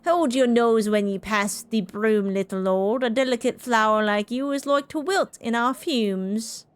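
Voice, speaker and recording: A woman putting on a gruff drunk man with a shaky Cockney. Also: fairly high pitch, natural voice. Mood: mocking. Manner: slowed, rough attempt at a Cockney accent.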